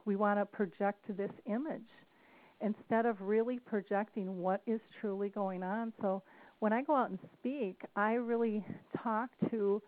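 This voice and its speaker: A middle-aged woman, a family caregiver and speaker, tells personal stories earnestly in a podcast interview. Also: medium pitch. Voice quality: earnest, storytelling delivery with restarts. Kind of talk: emotional podcast interview over the phone. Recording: tinny phone line, dry.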